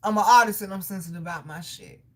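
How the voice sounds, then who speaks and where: A woman hosting a casual livestream, talking straight to her viewers in a loud, profane, animated way with frequent laughter. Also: medium pitch, fast talker. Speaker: livestream host reading chat.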